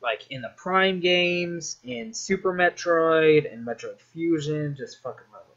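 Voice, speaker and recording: A man's voice: fairly high pitch, expressive, a little slow, a bit bright. Rambling, profane man with lo-fi audio. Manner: rambling, profane, lots of fillers and restarts. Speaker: video game vlogger. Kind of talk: casual rambling game commentary.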